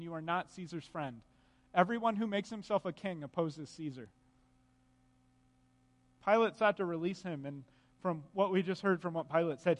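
Earnest high-voiced preacher in a reverberant hall. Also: male voice. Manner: earnest, emphatic, rising questions, reads scripture aloud. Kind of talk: sermon teaching from scripture.

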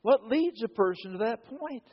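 High, lively preacher man on dull audio. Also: moderate pace. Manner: dramatic storytelling, acts out the quotes. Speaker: pastor. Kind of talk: sermon.

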